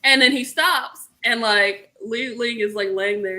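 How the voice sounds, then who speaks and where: A woman's voice: fairly high pitch, measured pace, pushed and bright. A young woman chatting casually, animatedly retelling a story with swearing and acted-out quotes. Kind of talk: casual chat.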